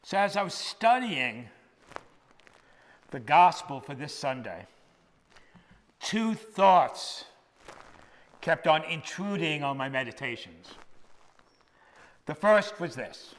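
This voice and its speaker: Older man preaching slowly in a reverberant church. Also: a little high, lively intonation. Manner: measured and emphatic, drops to a hush on key words. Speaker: priest preaching, former hospital chaplain. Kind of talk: sermon. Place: church sanctuary.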